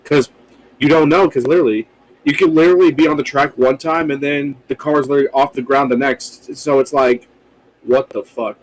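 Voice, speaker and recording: A man's voice: on the high side, steady tone, fairly quick, rough recording. A man co-hosting a casual podcast, talking loosely with frequent swearing and rambling asides. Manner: loose, profane, rambling with fillers. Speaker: podcast co-host.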